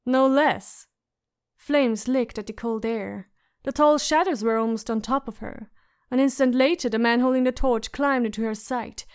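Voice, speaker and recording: A woman narrating an audiobook in a measured, suspenseful way. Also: a little high. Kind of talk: scripted narration.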